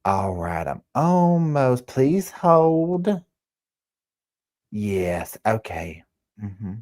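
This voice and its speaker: Guy putting on a high sweet southern office lady voice, super polite, says please hold over and over. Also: big pitch swings, very slow, a little mellow, dry recording, clean studio sound, heavily acted. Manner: overly polite, keeps repeating "please hold". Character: sweet polite Southern small-town woman office worker.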